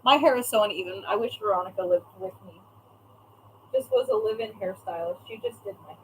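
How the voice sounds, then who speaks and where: A woman's voice: mid-range voice, huge pitch swings, brisk, slight background noise, low-quality recording. A young woman chatting casually on a live stream as a craft shop owner, reading out viewer comments and swearing now and then.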